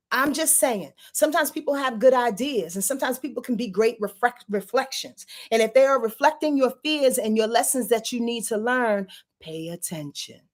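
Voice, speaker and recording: A woman hosting an astrology forecast in a chatty, profane way, often laughing at herself. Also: on the high side. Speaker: astrology channel host. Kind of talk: casual spoken astrology forecast.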